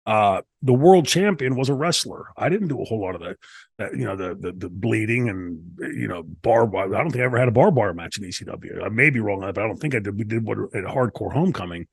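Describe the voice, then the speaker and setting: A man's voice: lowish voice, animated, fast, creaky, slightly rough, dry recording. A man from the United States, a guest in an interview, telling long rambling stories with many restarts. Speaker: interview guest, former wrestler. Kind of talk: casual shoot interview storytelling.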